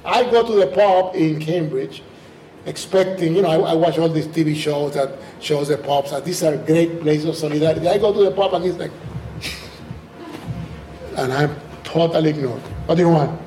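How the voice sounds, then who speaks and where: A man with a Spanish-speaking accent answers a lecture question and acts out bits of dialogue with lively energy. His voice sits a little high. The mic picks him up from a distance in an echoey hall with faint noise. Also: moderate pace. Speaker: guest speaker.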